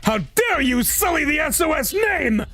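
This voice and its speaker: A man voicing a hot-tempered young male gang leader in a game read-through, snarling and yelling threats. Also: medium pitch, big pitch swings, normal speed, breathy edge, soft background music.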